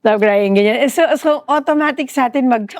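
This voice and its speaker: A middle-aged Filipino woman, a therapist talking in a relaxed podcast interview with a Filipino accent, animated and expressive. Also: high voice, quick pace, no room sound, clean studio sound. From Philippines. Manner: animated, switches between English and Tagalog. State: grieving. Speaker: trauma therapist guest.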